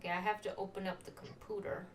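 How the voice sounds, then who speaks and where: A woman's voice: mid-range voice, level tone, fast talker, far from the mic, background noise. A young woman playing a video game and chatting casually, often reading on-screen text aloud. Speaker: let's-play host. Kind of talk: casual gameplay chat. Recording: game music playing behind.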